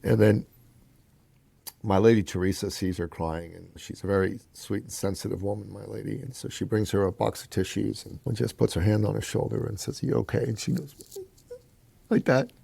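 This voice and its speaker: A man's voice: normal speed, vocal fry, breathy edge, dry recording. A man telling a personal story as a podcast guest, acting out the voices he quotes, calling the listener brother. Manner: animated storyteller, acts out quotes with big pitch jumps.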